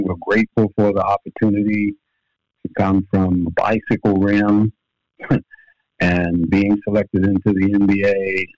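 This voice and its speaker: A man's voice: fairly low pitch, darkish tone, no room sound. An older man, a former basketball player and coach, telling stories in a podcast interview with frequent fillers and restarts. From Louisiana. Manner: unhurried storytelling with many fillers and restarts. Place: home office. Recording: dull lo-fi dry remote audio.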